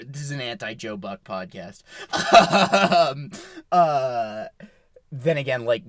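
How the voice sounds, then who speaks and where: A man's voice: mid-range voice, fairly bright tone, no echo. A man co-hosting a casual sports podcast, rambling and opinionated, with lots of fillers. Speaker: podcast co-host.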